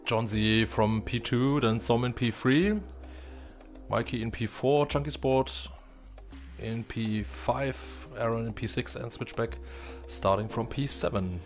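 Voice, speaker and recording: A man's voice: mid-range voice, a little slow, soft background music. A man commentating a racing stream in casual chat, hesitant and full of fillers.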